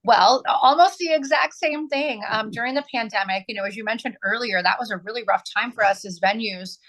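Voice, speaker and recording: A woman's voice: a little high, fairly quick, a bit bright, rough recording. A woman in her forties from southern Illinois, answering interview questions earnestly as an arts nonprofit director, with many ums.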